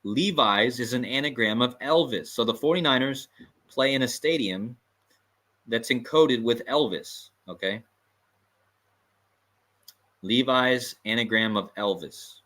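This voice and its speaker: A man's voice: mid-range voice, a little slow, long pauses, fairly bright tone. A man hosting a livestream, talking emphatically and repeating his points with amused asides. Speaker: host. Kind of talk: livestream commentary.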